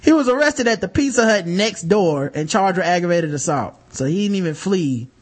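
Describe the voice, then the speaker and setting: A man's voice: high voice, expressive, moderate pace, slightly rough. A man hosting a podcast, reading news stories aloud in casual chat, joking and profane, laughing as he reads. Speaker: podcast host.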